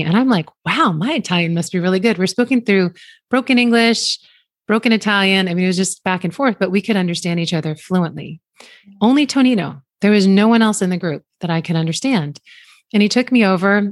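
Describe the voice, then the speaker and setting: A woman's voice: medium pitch, no room sound, studio quality. A woman casually telling stories as a guest speaker, laughing often and acting out what people said. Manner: animated, laughs often, acts out quoted lines. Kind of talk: casual storytelling.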